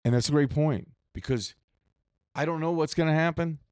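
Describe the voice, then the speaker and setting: A man's voice: fairly high pitch, normal speed, a little mellow, clean tone, dry recording, studio quality. A man hosting a solo podcast, talking in a candid, profane, rambling way with restarts. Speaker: podcast host. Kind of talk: solo reflective podcast monologue.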